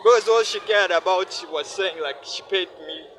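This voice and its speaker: A man's voice: sits high, moderate pace, fairly bright tone, slight background noise, low-quality recording. A weary young man pouring out his feelings in a heartfelt, repetitive personal vlog monologue. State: weary, worn down. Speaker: vlogger.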